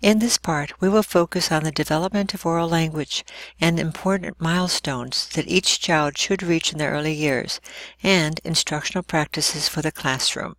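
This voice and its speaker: Woman, teacher; recorded slide lecture, measured delivery, dry close sound. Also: low-pitched, a bit bright, dry recording. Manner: measured, explanatory reading.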